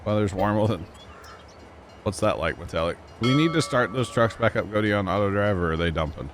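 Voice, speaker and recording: A man's voice: fairly low pitch, animated, brisk, slight background noise. Laid-back young man streaming games. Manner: laid-back, rambling, chatting with friends and chat. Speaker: livestream gaming host. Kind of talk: casual chat with stream viewers. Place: cold home room with heaters.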